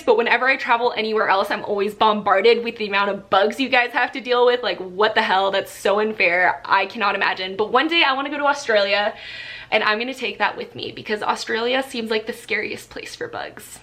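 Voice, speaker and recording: A young woman chatting excitedly as she unboxes a book subscription box in a casual vlog. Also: fairly high pitch, fairly quick. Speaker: book vlogger.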